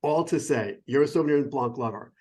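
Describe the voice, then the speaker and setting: A man's voice: medium pitch, a little fast, a little mellow. Chatty digressive middle-aged sommelier man. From United States. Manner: enthusiastic, digressive, self-interrupting. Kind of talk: casual explanatory chat. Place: phone or remote call.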